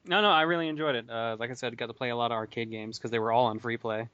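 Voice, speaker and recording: A man's voice: medium pitch, fairly even intonation, racing, fairly bright tone, clean tone. A man co-hosting a casual podcast chat, hesitant and often correcting himself. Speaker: guest co-host. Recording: dull, slightly lo-fi, dry.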